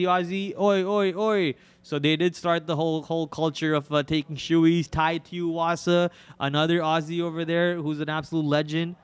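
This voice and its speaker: A man's voice: fairly high pitch, smooth. A young man hosting a stock trading livestream, talking in loose, rambling casual commentary with lots of fillers. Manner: rambling, chatty, filler-heavy. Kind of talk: casual live market commentary.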